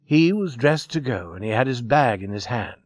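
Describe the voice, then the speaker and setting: Expressive male storybook narrator. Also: medium pitch, normal speed, no echo, clean studio sound. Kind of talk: storybook reading.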